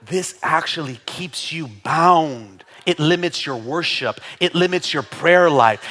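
A man's voice: a little high, takes it slowly, hardly any pauses, a little hiss or hum. A middle-aged male pastor preaching a sermon in church, joking with the congregation and calling for responses. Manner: animated, playful preaching with jokes and call-and-response. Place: church sanctuary.

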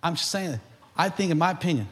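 A man preaching a sermon as pastor, animated and building to shouts, in a large church hall. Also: a little high, fast.

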